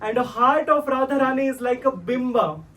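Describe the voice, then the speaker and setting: Hombre de voz muy aguda, sermón narrado, pregunta a menudo a los oyentes, micrófono lejano. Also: male voice, extremely high pitch, expressive, normal speed, fairly bright tone, distant mic, a little hiss or hum, low-quality recording. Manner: repeats "right?" to the listeners, sings verses for them to repeat. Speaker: religious teacher. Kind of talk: devotional storytelling sermon.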